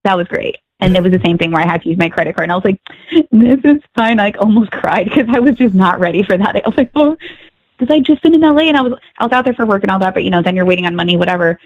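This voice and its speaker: A woman guest calling in to a podcast, chatting in an upbeat way with quick asides. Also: mid-range voice, dry recording, highs cut off. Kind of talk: casual chat.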